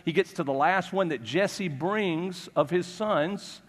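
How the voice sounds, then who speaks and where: A male pastor retelling a story in a sermon, animated and chuckling, often restarting his sentences. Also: high-pitched, slow. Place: church sanctuary. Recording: long church reverb.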